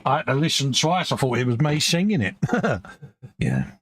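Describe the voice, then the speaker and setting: Laid-back british guy, gravelly voice, dry close sound, lots of yeahs. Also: mid-range voice, big pitch swings, moderate pace, a bit bright, no echo. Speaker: co-host of a live painting stream. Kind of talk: casual chat.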